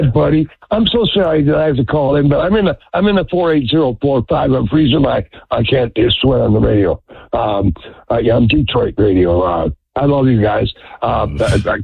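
Gravelly older man calling in by phone. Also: mid-range voice, dry recording. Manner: rambling, excitable, slurred restarts. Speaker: caller. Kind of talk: rambling call-in. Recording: tinny phone line.

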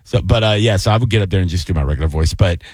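A man in his thirties co-hosting a radio talk show, an animated storyteller who slips into mock DJ and anchor voices. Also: sits low, very fast, slightly rough, no room sound. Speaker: radio co-host. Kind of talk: casual chat.

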